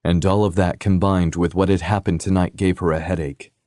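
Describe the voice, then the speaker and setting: Low, dark-voiced male narrator. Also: flat delivery, fairly quick, dry recording, clean studio sound. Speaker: audiobook narrator. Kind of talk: scripted narration.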